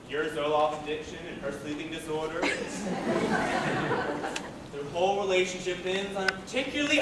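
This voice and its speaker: A man's voice: high-pitched, noisy background, close to an everyday voice. A young man in a live school musical playing a lonely theater fan, chatting and confiding between songs. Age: young adult. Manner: chatty, wistful, confiding asides. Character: lonely male theater fan narrating his cast album. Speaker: high school stage actor. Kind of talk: live stage musical acting. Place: school auditorium stage. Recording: echoey hall heard from far off.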